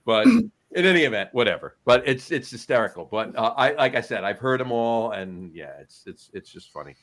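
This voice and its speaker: A man's voice: mid-range voice, sing-song, brisk, a bit bright. A man, co-hosting a podcast in casual chat, rambling with many restarts. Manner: rambling, full of restarts and fillers. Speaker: podcast co-host.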